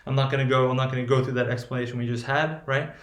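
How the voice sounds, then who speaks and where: A man's voice: medium pitch, little pitch movement, very fast, echoey room. A man lecturing on phonetics, who talks in a rambling way with many restarts and keeps checking in with "right?". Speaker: linguistics lecturer. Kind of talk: classroom lecture.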